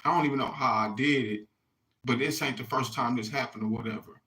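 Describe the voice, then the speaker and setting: Bright-voiced man rambling to viewers. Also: medium pitch, steady tone, fast talker, low-quality recording. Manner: rambling, repeats "you hear me", swears freely. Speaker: vlogger. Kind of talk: casual rambling monologue to viewers.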